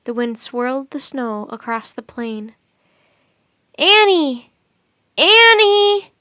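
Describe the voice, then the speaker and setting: A woman narrating a children's chapter book aloud, reading in an expressive, steady way. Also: on the high side, a little slow, clean tone, dry recording, studio quality. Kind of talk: audiobook narration.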